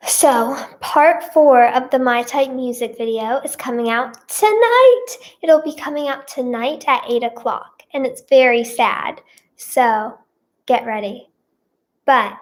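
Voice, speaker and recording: A woman vlogger chatting casually through a storytime, rambling with lots of fillers and repeats, and leaning dramatically on her feelings. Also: high-pitched. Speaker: singer and vlogger.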